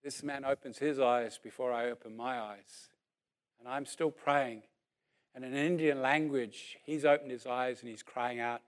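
A man around sixty, preaching a sermon as a lively story and then leading a prayer, acting out what people said. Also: mid-range voice, unhurried. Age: about 60. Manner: animated storyteller who acts out what people said.

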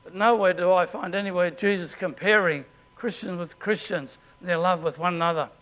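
An Australian man preaching a sermon as pastor, in a conversational way and often clearing his throat. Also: high-pitched, fairly even intonation, a little fast, fairly bright tone.

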